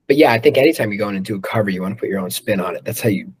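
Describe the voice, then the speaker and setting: A man's voice: fairly low pitch, rapid-fire, husky. A man who sings in a rock band, chatting loosely in an interview, swearing freely and filling his talk with "um" and "like". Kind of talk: casual interview chat.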